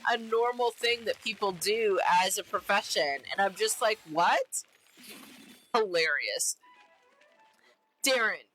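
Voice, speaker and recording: A woman's voice: fairly high pitch, sharp tone, low-quality recording. A woman streamer chatting casually while she plays a game, bubbly and repeating herself often. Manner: bubbly, repeats herself, giggly silly name-calling.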